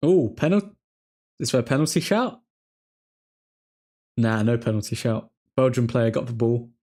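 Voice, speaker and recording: A young man of middle pitch hosts a livestream in a loose, chatty way. He mixes match reactions with easy replies to his viewers. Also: animated, moderate pace, darkish tone. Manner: chatty, reacting to the game and replying to chat. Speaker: livestream host. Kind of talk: casual live match commentary with viewers.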